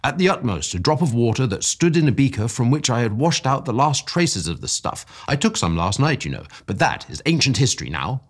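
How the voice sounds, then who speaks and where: A man voicing an excitable male scientist who talks fast and shouts in high, breathless bursts. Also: breathy edge. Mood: excited. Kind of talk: audiobook character voice.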